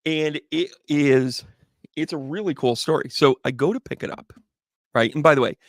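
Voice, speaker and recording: With a fairly high voice at a moderate pace, this tarot reader and psychic medium runs a live stream, rambling casually and joking with his audience. The sound is studio quality, without echo.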